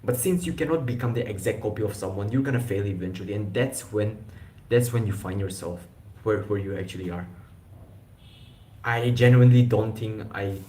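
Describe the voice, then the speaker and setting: Young male streamer, rambling casual talk, mellow tone, echoey room. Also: lowish voice, normal speed, slight background noise. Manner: rambling, with restarts and slang. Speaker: live stream host. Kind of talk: casual live stream chat.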